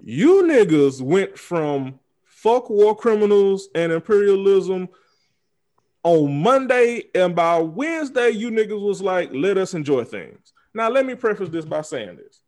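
A man's voice: high voice, big pitch swings, a little slow, a little mellow. A man hosting a podcast, speaking in a heated, profane, repetitive casual rant. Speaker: podcast host. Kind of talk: casual chat.

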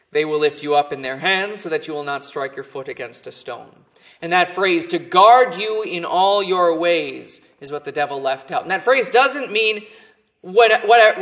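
A male pastor preaching with a somewhat high voice. He speaks earnestly and stresses his key words, letting the ends of his phrases drop off quietly. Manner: earnest, emphatic preaching with falling phrase endings. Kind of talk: sermon.

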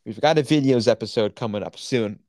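A man talking on a podcast in a relaxed, chatty way, keen and full of opinions. His voice sits at an average pitch and sounds close and completely dry, with no room around it. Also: a little fast, no room sound. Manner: enthusiastic, opinionated, lots of fillers. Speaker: podcast co-host. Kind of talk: casual chat.

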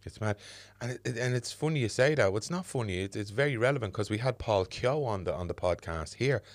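This Dublin podcast host, middle-aged, has a fairly low voice and speaks quickly and with animation in a dry, echo-free recording. He reflects earnestly in casual conversation, leaning heavily on filler words.

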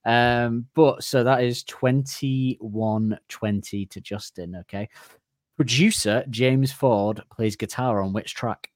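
A man's voice: medium pitch, fairly even intonation, slow, dry recording, clean studio sound. A man hosting a casual podcast quiz, teasing the players and laughing as he reads out questions.

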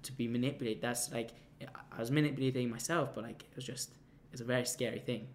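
A young man rambling through a personal story, stumbling over restarts and piling on fillers. His voice sits at an ordinary mid pitch, and a faint ambient hum lingers under the recording. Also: fairly even intonation, fast talker. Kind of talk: casual anecdote telling.

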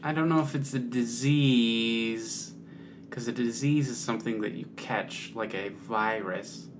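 A man's voice: a little slow, a little hiss or hum. A man co-hosting a podcast, chatting casually and self-deprecatingly over a word game. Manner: low-key, self-deprecating, teasing. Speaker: podcast co-host.

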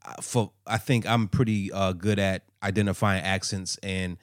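Low-voiced man, rambling podcast co-host. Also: fairly even intonation, moderate pace, dry recording, studio quality. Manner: loose, rambling storytelling with fillers. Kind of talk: casual chat.

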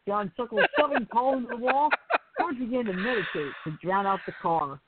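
A giggly woman reads a silly word game aloud on a casual podcast. Her voice swings lively up and down. The sound is thin and tinny, like a phone line. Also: on the high side, a little fast, slight background noise. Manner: giggles often while reading. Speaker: co-host.

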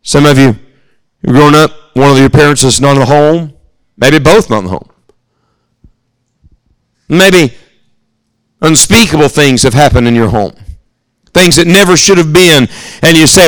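A man's voice: fairly high pitch, normal speed, long pauses, a bit bright, no echo, rough recording. A man with an American accent preaching a sermon at a youth camp, earnest and speaking straight to his listeners. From United States. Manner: earnest, storytelling, addresses listeners directly.

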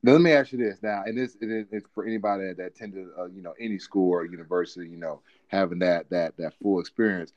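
A man in casual chat who rambles, repeats himself and gets loud with excitement. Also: low voice, fast, hardly any pauses, no room sound, highs cut off.

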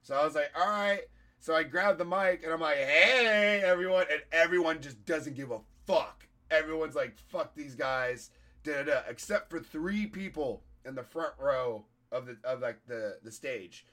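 Hoarse comedian man telling a wild story. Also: a little high, moderate pace, few pauses. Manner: profane, animated storytelling with quoted voices. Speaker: comedian and podcast host. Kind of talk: casual storytelling chat.

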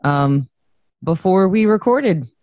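A woman's voice: lowish voice, lively intonation, slow, dry recording, highs cut off. A woman co-hosting a podcast in casual chat, rambling and chatty as she promotes her project. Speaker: podcast co-host.

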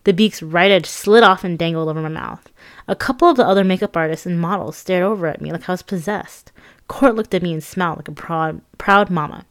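A woman reading her own memoir aloud as an audiobook, in a conversational, lively and self-mocking way. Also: fairly low pitch, fairly quick.

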